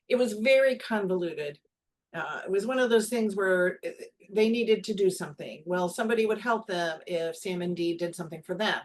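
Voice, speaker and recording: A woman rambling through a wry, exasperated account in a casual fan chat. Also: mid-range voice. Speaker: panelist.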